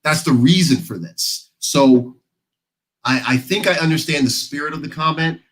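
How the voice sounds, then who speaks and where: With a slightly high voice at a moderate pace, a man from the United States speaks casually and emphatically on a discussion panel, leaning on stories to make his case. The audio is rough.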